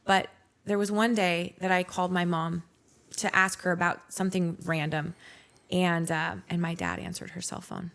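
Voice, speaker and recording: A woman's voice: fairly low pitch, lively intonation, normal speed, fairly bright tone. A woman in her forties, a podcast guest, frankly telling her life story in a blunt, candid way. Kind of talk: candid personal testimony.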